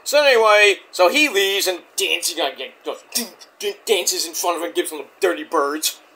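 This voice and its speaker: A man's voice: high-pitched, normal speed, husky. A man casually reviewing a wrestling show, rambling and cursing freely as he recaps. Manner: profane, rambling, animated.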